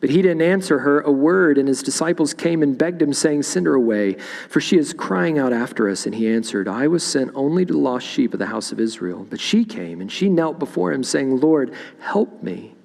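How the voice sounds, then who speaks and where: A man's voice: a little high, lively intonation, normal speed, creaky, a little mellow, in a large hall. A man preaching a sermon in a church, reading scripture aloud and explaining it verse by verse. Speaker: pastor. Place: church sanctuary.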